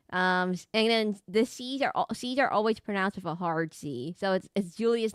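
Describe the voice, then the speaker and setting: A woman's voice: mid-range voice, normal speed, hardly any pauses, clean tone, no echo, clean studio sound. A woman streaming a video game, chatting casually with many restarts and self-corrections and frequent giggles. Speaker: VTuber streamer. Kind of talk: casual gameplay commentary.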